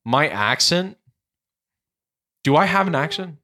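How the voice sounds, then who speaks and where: Young southern guy telling a funny story, lots of laughing, bright tone. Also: on the high side, takes it slowly. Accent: Southern American. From Southern United States. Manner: animated storyteller, laughs often. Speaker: podcast guest. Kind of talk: casual chat.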